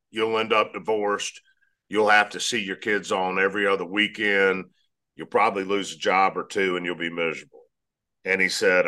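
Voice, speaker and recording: Deep bright-toned man. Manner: measured, earnest storytelling. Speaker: guest. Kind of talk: storytelling interview answer.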